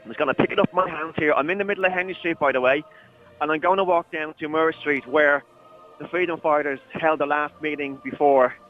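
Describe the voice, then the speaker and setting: Fast-talking Irish man reporting from the street. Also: fairly high pitch, steady tone, phone-quality sound, faint music behind. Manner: chatty, laughing, quick to approach passers-by. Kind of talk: live on-the-street radio report. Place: busy city street outdoors.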